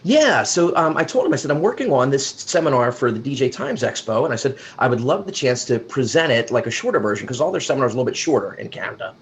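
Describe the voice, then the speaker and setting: A man's voice: mid-range voice, big pitch swings, quick pace, few pauses, low-quality recording. A man from the United States, a wedding DJ and emcee, chatting in a friendly, storytelling way as a guest. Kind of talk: casual interview chat.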